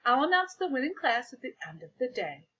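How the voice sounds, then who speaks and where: A cheery, showy man running a school, as a woman reads him aloud. The voice sits high and swings widely, bright and forceful. The recording sounds dull and lo-fi. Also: big pitch swings, a little fast, slight background noise, full character voice. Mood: upbeat.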